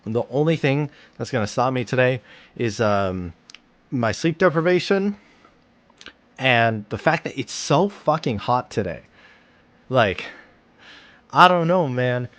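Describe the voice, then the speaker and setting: A man's voice: medium pitch, expressive, unhurried, pauses often, fairly bright tone. A tired man hosting a livestream in casual chat, rambling and self-deprecating. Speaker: livestream host.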